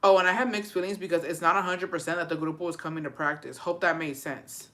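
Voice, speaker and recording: A livestream host from Texas reacts to viewer stories in casual chat, swearing freely and switching between English and Spanish. Her voice is bright and fairly low, and she's fast and animated.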